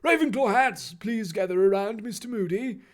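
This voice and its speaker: A man voicing an old, pious headmaster who announces things slowly and with authority. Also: high-pitched, close to an everyday voice. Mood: announcing.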